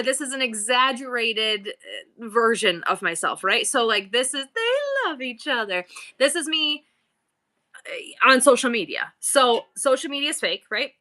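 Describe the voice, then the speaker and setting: Bubbly middle-aged woman selling on a livestream, bright voice a bit high, rambles all over. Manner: bubbly, playful, exaggerated customer-service voice; rambling, jumps between topics. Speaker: online live-selling host. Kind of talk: casual livestream chat.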